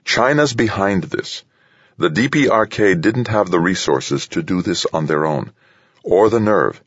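A man's voice: low voice, lively intonation, unhurried, slightly rough, dry recording, highs cut off, voice pushed up, heavily acted. A man voicing a grim male analyst who speaks urgently and insistently.

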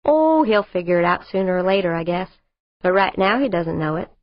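A woman with a lowish, natural voice narrates an audiobook, speaking fairly quickly and with animation, voicing a spirited young woman spacecraft pilot who wisecracks. The mood is cheeky and breezy, with no room sound, though the recording is a dull lo-fi one.

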